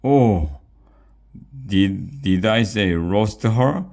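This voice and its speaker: A man reading aloud, voicing an excitable, flustered male chef in a children's story. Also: lowish voice, drawn-out words, gravelly, voice pushed up, heavily acted.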